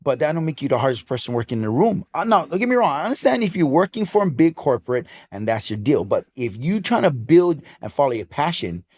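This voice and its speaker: A man's voice: on the high side, fast talker, hardly any pauses. A man in his fifties from Hawaii with a Hawaiian English accent, telling stories emphatically as a guest in a casual interview. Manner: animated storyteller, lively and emphatic. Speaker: guest, DJ and club promoter.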